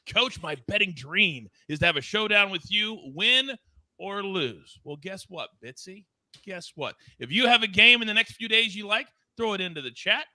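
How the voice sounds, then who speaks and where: Man, sports betting host, very bright forceful voice, fairly high, dry close sound, hyped and playful. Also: expressive, moderate pace, dry recording. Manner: hyped, playful, reads viewer chat. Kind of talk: energetic sports betting show hosting.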